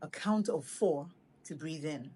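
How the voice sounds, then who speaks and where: A woman coaching on public speaking, guiding listeners in an instructional video with a deliberate delivery. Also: low-pitched, mellow.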